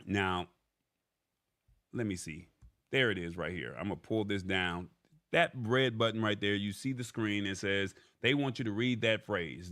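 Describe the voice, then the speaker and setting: A man's voice: mid-range voice, fairly bright tone. Chatty man hosting a casual tech stream. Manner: chatty, repeats "all right?" often; reads from an article and paraphrases it. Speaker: tech show host.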